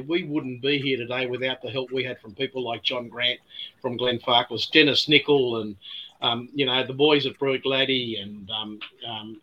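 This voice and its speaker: An older man with an Australian accent, a guest telling anecdotes in a relaxed chat, laughing often and sometimes repeating his words. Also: mid-range voice, highs cut off. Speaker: guest distiller. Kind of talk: casual storytelling chat.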